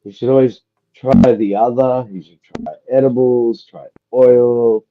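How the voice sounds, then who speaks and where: A man's voice: medium pitch, fairly even intonation, unhurried, phone-quality sound, a little hiss or hum. A man co-hosting a livestream, chatting casually, swearing a lot and telling crude jokes. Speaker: livestream co-host. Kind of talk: casual chat.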